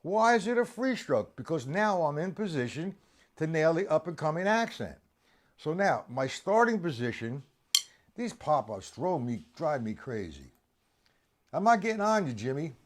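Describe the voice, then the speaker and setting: A man's voice: on the high side, very animated, moderate pace. A man teaching a drum lesson on a live stream, quizzing and teasing his students by name.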